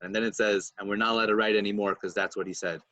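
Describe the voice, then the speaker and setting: A man's voice: lowish voice, fairly even intonation, rapid-fire, sharp tone, no echo. A man co-hosting a podcast, retelling stories in casual chat and mixing in Hebrew and Yiddish terms. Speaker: podcast co-host.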